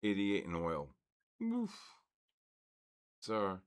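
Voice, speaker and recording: An older man hosting a live trading stream, excitedly calling out price moves and giving quick trade advice. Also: lowish voice, clean tone. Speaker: trading livestream host. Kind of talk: live market commentary.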